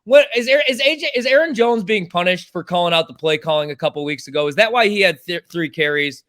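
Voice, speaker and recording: A man's voice: high voice, fast talker, a bit bright. A man with a slightly raised voice gets heated and rants, swearing freely as he argues over football picks. He talks in loose, casual banter as a podcast co-host.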